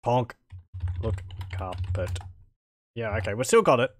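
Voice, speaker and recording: Slow, lively game streamer. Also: mid-range voice, slight background noise. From Australia. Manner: thinks aloud, speaks typed game commands, chuckles. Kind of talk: let's play commentary.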